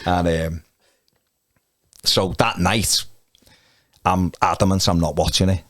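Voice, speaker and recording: A man's voice: sits low, fairly even intonation, slow pace, fairly bright tone, no echo, clean studio sound. A man chatting casually as a podcast guest, telling stories and chuckling often. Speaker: podcast guest, fan channel presenter. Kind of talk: casual chat and anecdotes.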